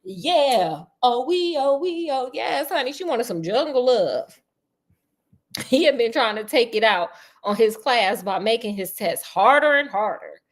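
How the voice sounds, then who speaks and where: A woman reading a novel aloud as a storyteller, breaking off for sassy, animated asides. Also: on the high side, unhurried.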